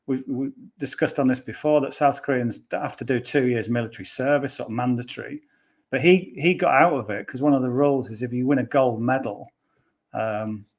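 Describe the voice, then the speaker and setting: A man giving a casual golf betting preview on a podcast, rambling and chatty with plenty of fillers and restarts. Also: medium pitch.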